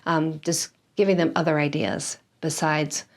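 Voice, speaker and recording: A woman in her fifties, a kindergarten teacher and interview guest, giving calm, measured advice with frequent "um"s. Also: low voice, vocal fry. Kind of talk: interview answers.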